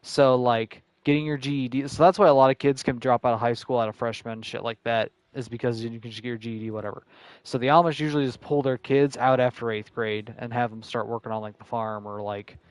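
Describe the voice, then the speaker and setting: A man's voice: medium pitch, steady tone, fairly quick, clean tone, no echo. A man streaming a game, telling a story in casual chat, rambling with lots of filler words and swearing. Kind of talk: casual storytelling while gaming.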